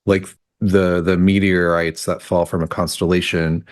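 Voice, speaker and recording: A woman's voice: rumbling low, flat delivery, a little slow, dry recording, studio quality. A woman co-hosting a podcast in casual chat, thoughtful and raising questions. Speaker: podcast co-host.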